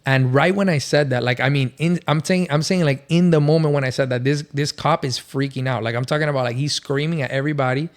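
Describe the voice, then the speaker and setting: A man's voice: medium pitch, fast talker, hardly any pauses. A man speaking as a podcast guest, telling his faith story in a loose, rambling way, full of fillers. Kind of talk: casual testimony storytelling.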